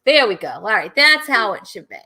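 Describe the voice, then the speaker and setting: A woman's voice: fairly high pitch, very animated, a little fast, bright, forceful tone. A woman hosting a casual live video chat show, bubbly and chatty, often laughing, on a video call. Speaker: host.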